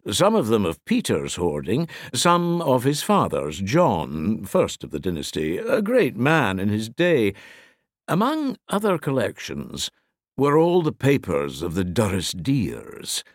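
A man voicing a talkative, courtly male lawyer who teases his friend with a mystery, speaking in a raised, lively voice. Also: on the low side, no room sound, clean studio sound, heavily acted. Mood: explaining.

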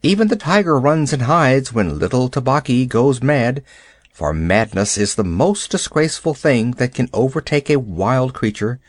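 A man narrating a classic animal story aloud in a measured, expressive storytelling manner. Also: medium pitch, dry recording, clean studio sound. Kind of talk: storybook reading.

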